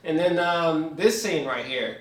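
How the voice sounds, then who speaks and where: A man's voice: on the high side, a little slow, echoey room, heavy background noise. A man giving a casual, profane movie reaction review, laughing often as he rants.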